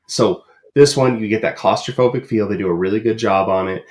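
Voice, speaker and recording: A man's voice: fairly low pitch, brisk, darkish tone. A man co-hosting a podcast in casual chat, rambling with many ums and uhs. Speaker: podcast co-host.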